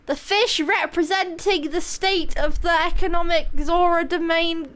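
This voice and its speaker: A woman's voice: extremely high pitch, fairly even intonation, unhurried, fairly bright tone, no room sound. A woman streaming a video game, giving rambling, giggly, self-mocking commentary. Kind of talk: casual gameplay commentary.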